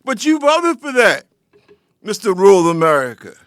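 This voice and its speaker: High-voiced man delivering a fiery lecture. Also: sing-song, moderate pace, a bit bright, dry recording. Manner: lecturing, confrontational, addresses listeners directly. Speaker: political commentator hosting his own show. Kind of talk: impassioned political commentary monologue.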